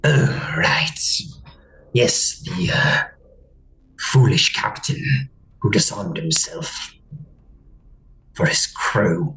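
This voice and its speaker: A man voicing a cold, sinister male mind flayer prophet in a low, hissing whisper. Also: very animated, very slow, pauses often, pushed and bright, heavily acted, rough recording. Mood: menacing whisper.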